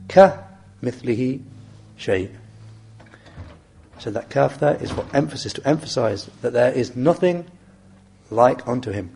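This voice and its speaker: Guy teaching a religious text, low gravelly voice, bit husky, slow and careful when he explains. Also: darkish tone. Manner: measured and deliberate, reciting Arabic verses quickly then translating slowly. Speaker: Islamic teacher. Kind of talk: explaining a classical text in a lesson.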